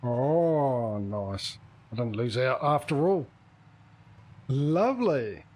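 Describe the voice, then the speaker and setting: A man hosts a game stream in a husky, slightly rough voice. He rambles on casually and thinks out loud as he plays. His pitch sits in an ordinary middle range. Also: sing-song, slow pace, low-quality recording. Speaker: streamer hosting a multiplayer game. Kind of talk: casual gaming chat.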